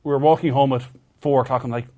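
A man's voice: medium pitch, fairly even intonation, fast talker, mellow. A man co-hosting a podcast, laughing through his own story in a casual chat. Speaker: podcast co-host.

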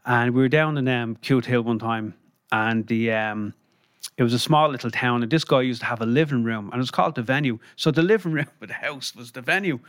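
A man's voice: mid-range voice, fairly quick, fairly bright tone, dry recording, clean studio sound. An Irish man, a guest on a podcast, telling anecdotes in a rambling, chatty way, with lots of fillers and chuckles. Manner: rambling, lots of "you know" and "um", chuckles while telling stories. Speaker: guest, former band crew member. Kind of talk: casual anecdotal storytelling. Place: podcast studio.

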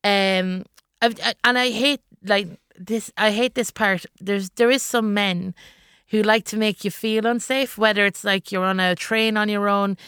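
A woman's voice: medium pitch, steady tone, measured pace, a bit bright, clear, resonant tone, no echo. A woman comedian with an Irish accent, chatting in a radio studio interview, rambling and laughing often at her own stories. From Ireland. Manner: giggly, rambling, self-deprecating. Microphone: studio microphone.

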